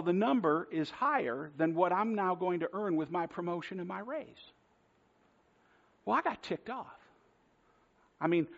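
A man with a high-pitched, creaky voice preaches, telling a conversational personal story that pokes fun at himself. The sermon recording sounds dull and lo-fi.

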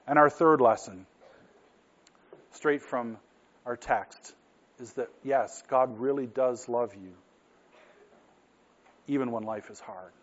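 Middle-aged male pastor, earnest conversational sermon, mid pitch, muffled lo-fi recording. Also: slow pace, pauses often. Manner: earnest, conversational preaching with rhetorical questions.

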